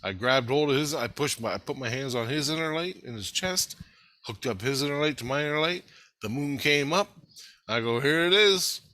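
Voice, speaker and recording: A man rambling through a profane, animated story about his spiritual experiences. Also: medium pitch, a little fast.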